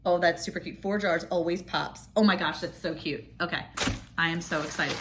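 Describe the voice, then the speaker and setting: Excited woman unboxing, bright voice. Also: fairly low pitch, fairly quick, a little hiss or hum. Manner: excited and gushing, with gasps. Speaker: homestead vlogger. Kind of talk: casual unboxing chat.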